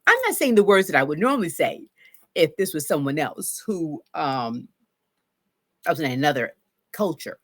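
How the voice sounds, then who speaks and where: A woman therapist telling a personal story in a casual, animated way, acting out her own shouts and self-talk. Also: low voice, moderate pace, pauses often.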